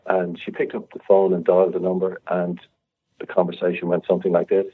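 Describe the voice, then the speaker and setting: An Irish man in his fifties, a restaurateur, telling an animated story and acting out both sides of the dialogue. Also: deep voice, a little fast, slightly rough. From Ireland. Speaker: restaurateur guest. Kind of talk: storytelling anecdote. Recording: tinny phone-line sound.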